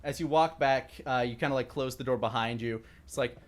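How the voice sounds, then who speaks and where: A man's voice: mid-range voice, fairly quick. A man narrating a tabletop pirate game as game master, loose and hesitant with many fillers.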